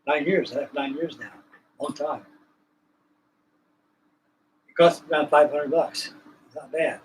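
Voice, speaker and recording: Folksy rambling man, slightly high voice. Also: steady tone, a little slow, a little hiss or hum, poor audio. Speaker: livestream host. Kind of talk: casual chat.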